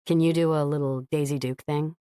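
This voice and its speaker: A man's voice: a little high, fairly even intonation, brisk, dark tone, clean tone, no room sound, clean studio sound, pitched below the performer's own voice, close to an everyday voice. A woman voicing a cocky male rock star who teases and gives orders. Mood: coaxing. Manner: teasing, commanding.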